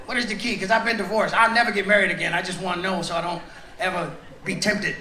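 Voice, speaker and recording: A middle-aged man works a big theater crowd with loud, teasing stand-up jokes, his voice pitched very high for a man. The stage mic sounds roomy and echoing. Loud audience laughter and heavy noise run underneath. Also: steady tone, quick pace. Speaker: stand-up comedian. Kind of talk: stand-up comedy with crowd work. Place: large theater on a cruise ship.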